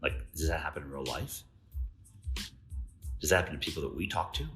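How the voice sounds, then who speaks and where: A man's voice: extremely low pitch, brisk, a bit bright, faint music behind. A man hosting a podcast, telling stories casually with quoted dialogue and questions to the listener. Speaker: podcast host. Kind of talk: casual storytelling monologue.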